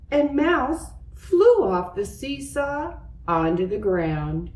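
A woman reading a children's picture book aloud slowly and expressively, acting out its sound effects. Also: on the high side, sing-song, darkish tone, far from the mic. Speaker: storyteller. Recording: roomy, away from the mic.

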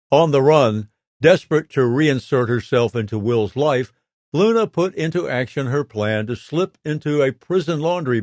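A man's voice: medium pitch, darkish tone, no room sound. Man reading soap news, dry sound.

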